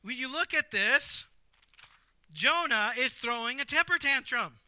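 A man preaching a sermon, animated and acting out quotes with big swings in volume. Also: sits high, moderate pace, smooth, dry recording. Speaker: pastor.

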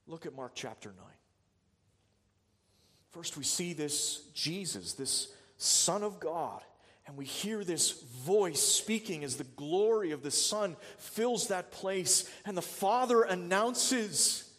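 A man's voice: sits high, animated, slow pace, a bit bright, long reverb tail. A man preaching a sermon as a pastor, earnest and full of rhetorical questions.

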